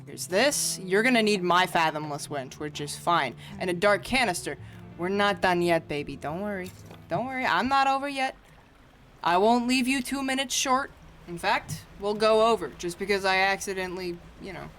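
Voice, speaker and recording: A woman's voice: medium pitch, moderate pace, fairly bright tone, faint music behind. A woman streamer giving casual, joking commentary as she plays, swearing freely and talking to herself.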